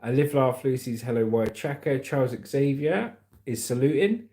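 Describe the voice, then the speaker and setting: A man's voice: mid-range voice, expressive, moderate pace, dark tone. A middle-aged man from the UK hosting a casual livestream, joking and reading viewer comments aloud. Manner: chatty, jokey, reads comments aloud. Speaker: livestream host.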